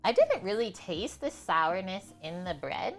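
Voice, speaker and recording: A woman's voice: medium pitch, very animated, measured pace, soft background music. A woman hosting a cooking livestream, chatting casually with viewers and laughing easily. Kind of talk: casual chat with stream viewers.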